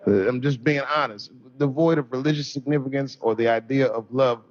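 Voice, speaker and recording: A man's voice: medium pitch, fairly quick, muffled recording. A man doing a stand-up comedy routine on stage, telling stories bluntly and profanely. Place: comedy stage before an audience.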